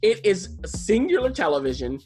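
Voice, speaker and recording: A man's voice: sits high, very animated, moderate pace, a little mellow, soft background music. Chatty man rambling through a TV review. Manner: chatty, enthusiastic, rambling with frequent restarts. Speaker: podcast co-host reviewing TV. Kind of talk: casual TV review chat.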